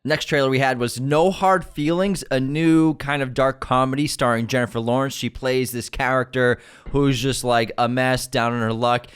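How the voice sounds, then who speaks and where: A man's voice: mid-range voice, fairly even intonation, moderate pace, a bit bright, smooth. A young man co-hosting a podcast in casual chat, teasing his brother and laughing often. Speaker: podcast co-host.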